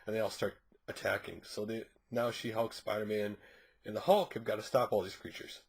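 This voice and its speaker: A man's voice: fairly low pitch, level tone, fairly quick, breathy edge. A man reviewing a comic book issue, recapping the plot casually in a rambling way with frequent fillers and restarts.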